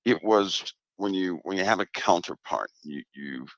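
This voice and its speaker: A man with an extremely low, gravelly voice speaks as a guest, steady and emphatic. He repeats his key points for weight. The sound is dry and a little dull. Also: moderate pace, no echo. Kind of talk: casual talk on a show.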